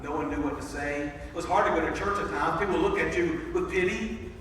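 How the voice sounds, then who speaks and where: A man's voice: fairly high pitch, brisk, fairly bright tone, a little hiss or hum. A man preaching, retelling a story in the first person with dramatic build and repeated words. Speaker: pastor. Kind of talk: sermon storytelling. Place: church sanctuary. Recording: echoey hall recorded from far off.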